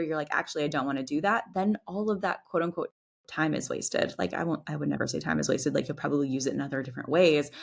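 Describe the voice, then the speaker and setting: A woman with a low, deep speaking voice, talking on a podcast as a guest coach. She explains things in loose, chatty speech, leaning on "like" and "right?" as she goes. She slips into little acted voices when she quotes people. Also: gravelly, slightly rough. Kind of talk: casual explanatory chat.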